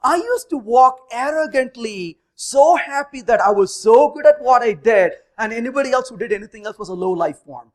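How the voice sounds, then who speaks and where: A man in his fifties speaks at a tech conference, weaving anecdotes into his talk. His pitch rises and falls in a very animated way, and he slips into the voices of the people in his stories. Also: moderate pace, hardly any pauses. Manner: animated, acts out dialogue in stories. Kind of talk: storytelling technical talk.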